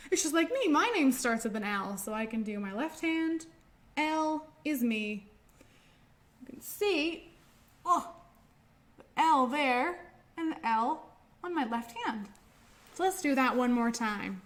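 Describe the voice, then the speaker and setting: A gentle, encouraging woman librarian leads a children's storytime, reading aloud and walking little ones through finger rhymes in a sing-song way. Her voice sits fairly high and she takes her time with every phrase. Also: animated, slow pace, long pauses.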